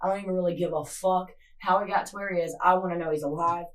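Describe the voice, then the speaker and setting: A woman's voice: on the low side, steady tone, fast talker. A woman, a mother of a missing child, pleading and angry, swearing as she confronts someone in an interrogation room. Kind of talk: emotional confrontation. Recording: distant surveillance camera, faint noise.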